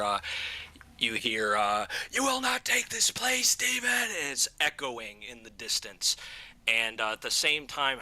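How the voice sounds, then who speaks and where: A male game master narrates a tabletop session in a sharp, very bright voice that sits a little low. He pauses often and fills gaps with fillers. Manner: halting, many filler pauses.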